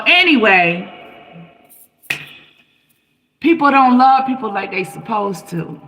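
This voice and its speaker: Woman on a live stream, bright sharp voice, preachy, keeps throwing out rhetorical questions. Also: high-pitched, rough recording. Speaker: livestream host. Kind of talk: impassioned live-stream monologue.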